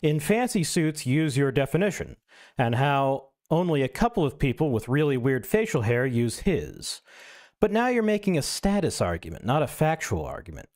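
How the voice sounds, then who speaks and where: A man's voice: mid-range voice, sing-song, normal speed, a little mellow. A male streamer reading an essay aloud, breaking in with wry, self-mocking asides.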